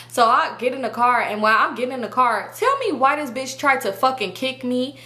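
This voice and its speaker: A young woman casually telling a story to her viewers, animated and profane, acting out her friends' lines. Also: a little high, fairly quick, hardly any pauses. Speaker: storytime vlogger.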